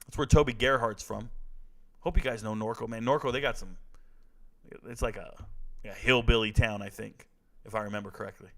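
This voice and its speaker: A man's voice: lowish voice, fairly even intonation, fairly quick, gravelly, long pauses, fairly bright tone. A man hosting casual sports commentary, blunt and joking as he talks through players. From Southern California. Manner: blunt, joking, trash-talking.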